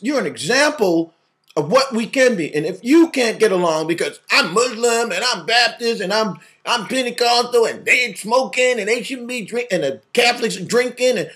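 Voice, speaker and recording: Man, high-pitched voice, casual opinionated chat, animated, repeats himself, laughs a lot. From family from the Southern US. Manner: animated, repeats words, acts out quotes, laughs often. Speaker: podcast co-host.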